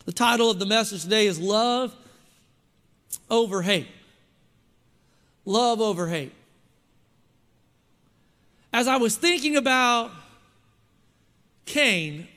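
High, bright-voiced male preacher. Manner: emphatic, keeps asking the congregation questions. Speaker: pastor. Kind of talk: sermon. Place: church hall. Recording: long hall reverb.

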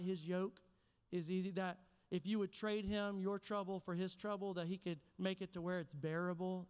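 A man's voice: sits high, smooth. A man preaching a sermon as pastor, passionate and dramatic, with many questions to the congregation. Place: church sanctuary. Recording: echoey church hall.

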